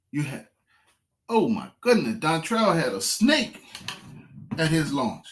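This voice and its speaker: Slow-drawling man telling a fishing story. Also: on the high side. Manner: excitable, repeats phrases, slow drawl. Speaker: fishing vlogger. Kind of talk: casual storytelling to viewers.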